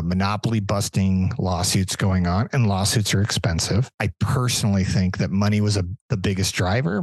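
A man's voice: lowish voice, no echo, rough recording. A man co-hosting a podcast, ranting angrily with lots of profanity in a casual chat. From Southern California. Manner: angry, profane, animated ranting. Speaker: podcast co-host.

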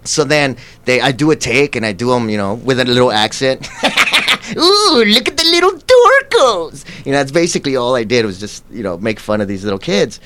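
Male interview guest, mid-range voice, lively storyteller who acts out dialogue. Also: medium pitch, quick pace, few pauses, slight background noise. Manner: animated, acts out quotes with laughs. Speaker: actor guest.

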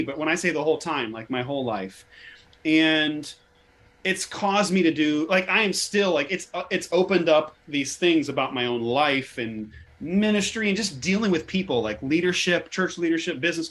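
Chatty man with a higher voice. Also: fairly bright tone. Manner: conversational, self-deprecating, stammering restarts. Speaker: podcast host, former chaplain resident. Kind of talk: casual conversation.

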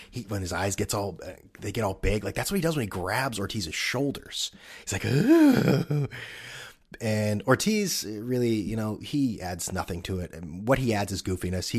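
Male podcast host, husky and low, rambling sarcastic sports rant. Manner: rambling, sarcastic, swears a lot.

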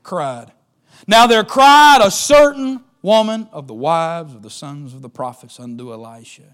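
A male pastor preaching a sermon. He calls out to the congregation and swings from quiet, low passages to loud, shouted exhortation. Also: big pitch swings, measured pace, smooth.

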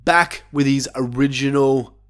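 Sweary guy ranting about wrestling on his podcast, mid pitch, gets worked up. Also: measured pace. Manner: opinionated, swears often, excitable. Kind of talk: casual review monologue.

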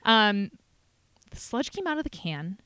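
A young woman co-hosting a casual podcast chat, telling an animated story about a rude caller from her bartending job. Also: medium pitch, measured pace, smooth, no room sound. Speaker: podcast co-host; bartender at a brewery taproom.

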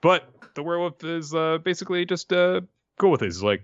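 A man hosting a podcast recaps an episode a little fast, his voice on the high side, clear, resonant, and animated. He rambles wryly with many fillers, and the recording is dry and slightly dull.

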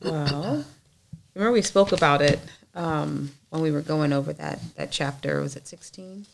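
Low, gravelly woman reading scripture. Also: normal speed, slight background noise. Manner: conversational, thinking aloud with fillers. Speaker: Bible study reader and discussion leader. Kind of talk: reading scripture aloud and casual discussion.

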